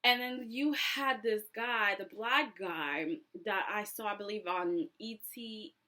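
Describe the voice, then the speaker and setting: A woman chatting casually through a reality TV recap, animated and sassy, acting out what people said. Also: mid-range voice, slow pace. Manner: chatty and animated, acts out quotes with sassy asides.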